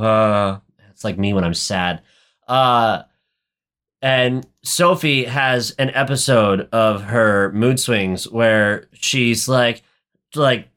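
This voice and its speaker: A man's voice: medium pitch, fairly bright tone. Crude joking young man recapping a film. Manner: crude, joking, rambling retelling with many fillers. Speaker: podcast co-host. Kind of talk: casual movie recap chat.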